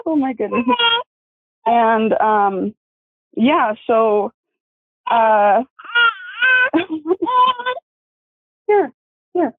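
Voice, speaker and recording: A young woman telling her testimony over the phone, tearful and apologetic, talking haltingly and laughing nervously while she soothes her baby. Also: on the high side, lively intonation, dry recording. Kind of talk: emotional phone interview. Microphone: phone call. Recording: dry tinny phone line.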